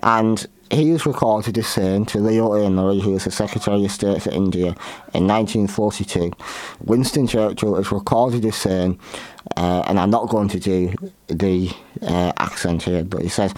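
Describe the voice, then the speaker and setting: Male host, low voice, unscripted and halting, dry close recording. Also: darkish tone, dry recording. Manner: halting, frequent restarts and fillers. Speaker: podcast host. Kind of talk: unscripted history commentary.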